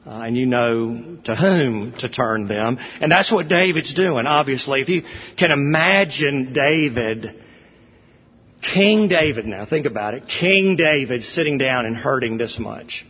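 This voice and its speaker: Earnest pastor preaching in a hall. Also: male voice, medium pitch, expressive, unhurried, slightly rough. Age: middle-aged. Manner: earnest, builds to emphatic peaks, says "y'all". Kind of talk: sermon. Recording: dull, echoey church hall.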